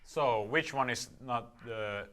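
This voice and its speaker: A man's voice: medium pitch, slow, fairly bright tone. A young man co-hosting a casual podcast, chatting and joking with friends and quoting lines in mock voices. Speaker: podcast co-host. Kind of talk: casual chat among friends.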